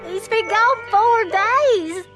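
A woman voicing a naive young Southern girlfriend in a cartoon, slow and pleading. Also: a bit bright, faint music behind, heavily acted. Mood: worried. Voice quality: high and squeaky. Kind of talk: cartoon voice acting.

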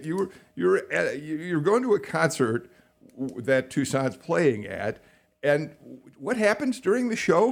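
Gravelly, lively male radio host. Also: on the high side. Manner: halting questions full of fillers and restarts. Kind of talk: radio interview.

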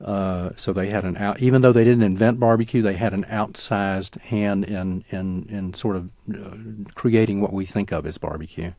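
Interview guest: man, low voice, dry studio sound, storytelling with restarts. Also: steady tone, moderate pace, hardly any pauses, warm tone, dry recording. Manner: fluent storyteller with frequent restarts and fillers. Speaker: author and guest. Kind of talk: radio interview, explaining history.

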